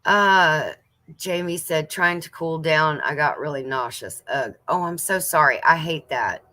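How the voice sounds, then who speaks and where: A woman's voice: sits low, measured pace, pushed and bright. A woman in her fifties hosting a casual livestream, reading viewers' comments aloud and chatting back to them. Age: 50s. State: coughing now and then. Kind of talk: casual chat.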